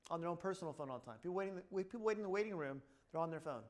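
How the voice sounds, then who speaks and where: A middle-aged man with a slightly high voice tells offhand stories about his clinic. He jumps between his own words and acted-out quotes, and he fills his lines with "blah, blah.". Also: lively intonation, very fast. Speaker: chiropractor speaking at a seminar. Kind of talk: casual talk to a room.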